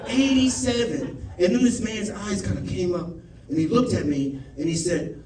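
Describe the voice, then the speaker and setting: A man's voice: high voice, normal speed, darkish tone, slight background noise. A man doing stand-up, telling a loose, profane story with lots of asides to a laughing club audience. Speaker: stand-up comedian. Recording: echoey club recording from a distance, crowd laughter.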